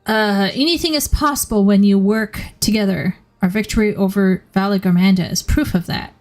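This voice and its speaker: A woman's voice: mid-range voice, normal speed, faint music behind, lightly acted. A woman reading out a game's determined young warrior princess in an earnest, rallying tone. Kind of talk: reading game dialogue aloud.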